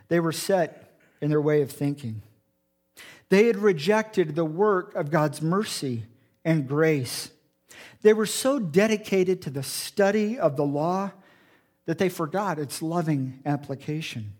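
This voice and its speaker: A man pastor preaching an earnest sermon, acting out quoted thoughts in a low muttering tone. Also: unhurried, darkish tone.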